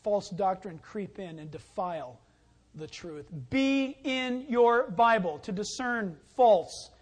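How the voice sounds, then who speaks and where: A man, a pastor preaching a sermon who tells stories and calls out loudly at the exciting moments. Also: high-pitched, slow. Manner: storytelling, shouting and calling out when excited.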